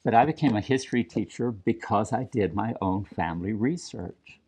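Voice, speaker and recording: An older man from New Mexico shares his family's story in a low, unhurried voice. He speaks with earnest reflection and often pauses or starts a thought over. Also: a little mellow, slightly rough. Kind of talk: personal storytelling talk. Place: community event.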